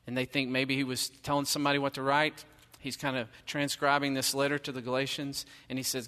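A man's voice: medium pitch, steady tone, a little fast, sharp tone, in a large hall. A middle-aged male pastor preaching a sermon in a conversational way, with emphatic rhetorical questions.

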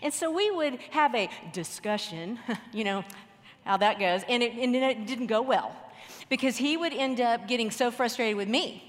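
A woman with a fairly high voice tells a live audience a personal story in an earnest, reflective way. Her words ring with a long reverb from a large hall. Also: expressive, moderate pace. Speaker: marriage speaker.

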